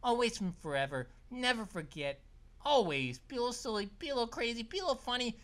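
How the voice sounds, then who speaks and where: A woman's voice: sits high, expressive, a little slow, heavily acted. A woman voicing a hyper, goofy talking grape who hosts a let's play, squealing, giggling and rambling with many restarts. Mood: mellow. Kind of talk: excited let's play commentary. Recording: loud game music behind voice. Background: loud video game music.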